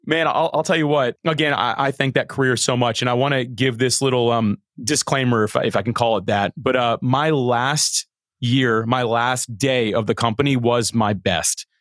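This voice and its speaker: A middle-aged man, a podcast guest, telling a story in an animated, earnest way with many restarts. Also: medium pitch, normal speed, dry recording. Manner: animated, earnest, frequent repeated starts. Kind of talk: conversational storytelling.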